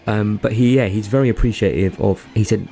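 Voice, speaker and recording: A man's voice: on the low side, a little fast, vocal fry, warm tone, faint music behind. A man, co-hosting a podcast and rambling through a story with lots of fillers. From England. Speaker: podcast co-host. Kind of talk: casual chat.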